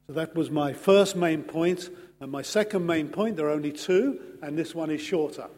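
A man preaching a sermon in an earnest, measured way, pausing slowly for emphasis. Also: on the high side, darkish tone. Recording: long hall reverb.

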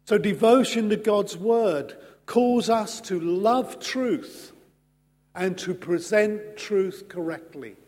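A man preaching a sermon in an earnest, measured way, pausing slowly for emphasis. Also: sits high, lively intonation, darkish tone. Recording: long hall reverb.

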